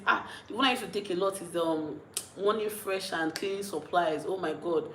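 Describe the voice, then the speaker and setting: A young Nigerian woman with a Nigerian accent, chatting casually on a livestream, reading out comments and rambling with frequent giggles and restarts, a little tipsy and mellow. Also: medium pitch, a little fast, echoey room, a little hiss or hum, low-quality recording. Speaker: vlogger.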